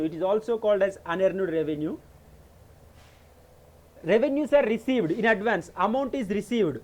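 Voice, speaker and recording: Brief: man with a high voice, patient teacher who repeats and corrects himself. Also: darkish tone. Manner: explanatory, repeats points, frequent self-corrections. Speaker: accounting teacher. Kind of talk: classroom lecture.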